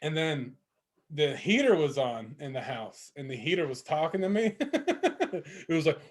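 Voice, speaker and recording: A man's voice: on the high side, sing-song, measured pace. A young man, a podcast co-host telling a rambling story, laughing often and swearing casually.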